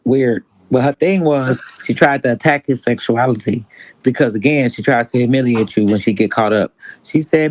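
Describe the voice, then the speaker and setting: A man hosts a casual livestream chat. He tells the story with animated energy and keeps slipping into other people's words. His voice is mid-pitched, close and dry, with no room sound. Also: moderate pace, no room sound, low-quality recording. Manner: animated storytelling, acts out quotes. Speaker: stream host.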